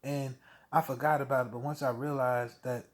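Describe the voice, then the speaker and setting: A man's voice: mid-range voice, flat delivery, normal speed. A man venting in a heated, profane rant to camera, blunt and full of swearing. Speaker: vlogger.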